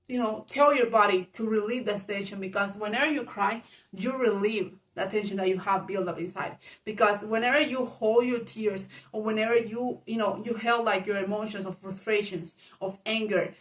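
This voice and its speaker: A woman's voice: mid-range voice, far from the mic. A woman giving casual spoken advice to viewers, frank and chatty, laughing often, swearing and calling the listener baby. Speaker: advice vlogger.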